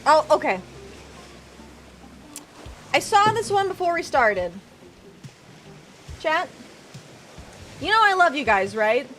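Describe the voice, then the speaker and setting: A woman's voice: high-pitched, big pitch swings, slow, long pauses, fairly bright tone, soft background music. A woman streaming from home, chatting casually and teasing her viewers in chat.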